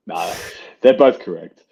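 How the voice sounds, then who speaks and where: A laid-back Australian man talks in a lowish voice as a podcast guest, easygoing and swearing freely. His sound comes through dull and lo-fi, lacking its top end. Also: gravelly, warm tone, slightly rough. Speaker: guest arm wrestler. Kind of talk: casual chat.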